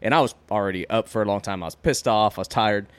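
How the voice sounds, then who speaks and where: A man's voice: lowish voice, smooth, dry recording. A man on a podcast telling a casual, profane story from his working life. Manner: fast, lively, swearing anecdote.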